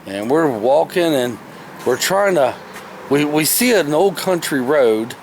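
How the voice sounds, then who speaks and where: A vlogger outdoors under a tree films himself with a handheld camera, telling a story from his past in a rambling, folksy, casual way and correcting himself. His voice is a little high, expressive, unhurried and creaky, with a bit of hiss or hum.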